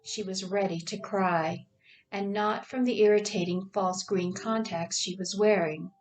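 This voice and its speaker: Woman reading her own book, slow and plain, kinda far from the mic. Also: mid-range voice, steady tone. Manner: unhurried, plain, with small slips. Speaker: author.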